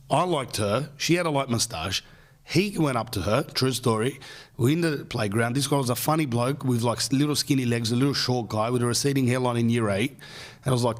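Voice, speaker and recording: A man's voice: mid-range voice, a little fast. A man in his thirties with an Australian accent, a podcast host telling rambling comic stories in a casual, slangy way. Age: 30s.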